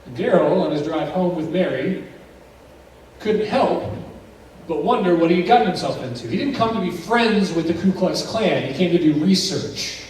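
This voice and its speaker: A man's voice: high-pitched, animated, normal speed, darkish tone, a little hiss or hum. A male pastor telling a story in a sermon, acting out the dialogue as the tension builds. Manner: dramatic storyteller, acts out dialogue with rising intensity. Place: church sanctuary. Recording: echoey church heard from a distance.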